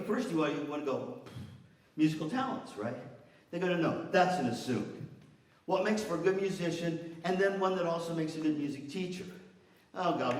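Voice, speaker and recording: A man giving a lively, chatty lecture to music educators, often asking the audience questions. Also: medium pitch. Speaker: guest speaker for music educators. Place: large echoey lecture room. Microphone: distant from the microphone. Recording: echoey room from far off.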